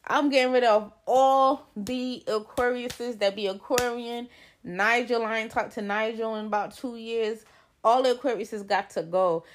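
A woman co-hosting a podcast in casual chat, blunt and animated, swearing freely. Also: mid-range voice. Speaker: podcast co-host.

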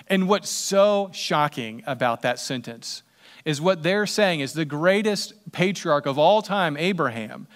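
A middle-aged man preaching a sermon as pastor, animated and acting out quoted voices with sudden loud jumps. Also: on the high side, a little slow.

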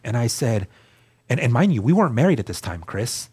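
A man's voice: mid-range voice, animated, quick pace, a little mellow, slightly rough. A man as a guest, telling his personal story in an earnest, candid way, often restarting and repeating words. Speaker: guest sharing his testimony.

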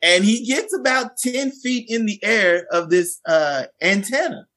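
A man, a teacher and podcast guest, telling a funny classroom story in animated conversation and acting out the quotes. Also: sits high, measured pace. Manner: lively anecdotes, acts out quotes.

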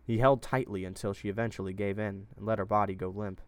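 A man reading his own fantasy story aloud in steady, plain narration. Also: on the low side, quick pace, smooth.

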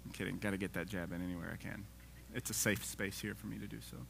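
A man's voice: sits low, fairly even intonation, fast talker, creaky, a bit bright, slight background noise. A man preaching a casual sermon, reading scripture aloud and joking with the congregation.

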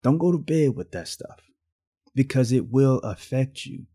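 A man's voice: mid-range voice, animated, measured pace, gravelly, mellow, husky. A man hosting a podcast, telling stories and preaching. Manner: preachy, storytelling, drawls phrases out. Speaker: podcast host. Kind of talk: casual podcast monologue.

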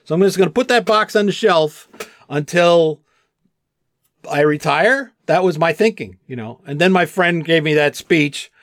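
A man's voice: fairly high pitch, normal speed, no echo, studio quality. A male voice actor, a guest on a podcast, telling stories casually and acting out the people he quotes. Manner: animated storyteller, acts out quotes. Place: outdoors, with gnats around.

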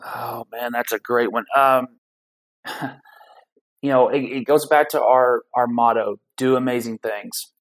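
A man's voice: mid-range voice, fairly even intonation, unhurried, poor audio. A man talks as a guest on a podcast interview. His tone is upbeat and casual, with plenty of conversational fillers. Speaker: guest, foundation founder.

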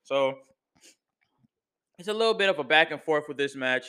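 Bright-voiced man recapping wrestling. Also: a little high, normal speed, clean tone. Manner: profane, slangy, excitable. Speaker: podcast host.

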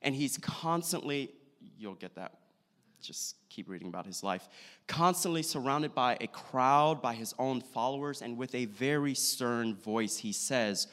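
A pastor preaching a sermon, retelling a scripture story earnestly and acting out the quotes. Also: male voice, medium pitch, a little slow, fairly bright tone. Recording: long hall reverb.

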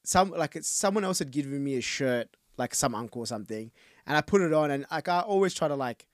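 A man's voice: a little high, fairly quick, dry recording, studio quality. A man co-hosting a podcast, telling stories animatedly in casual chat with many fillers. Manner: animated storyteller, lots of fillers like "blah blah". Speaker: podcast co-host.

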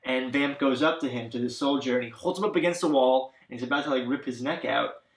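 A man chats casually, rambling through his thoughts with plenty of fillers and restarts. His voice sits at an ordinary middle pitch. The room around him is noticeably echoey. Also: fast. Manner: rambling, many fillers, acts out characters' lines. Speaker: podcast co-host recapping a video game. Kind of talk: casual chat.

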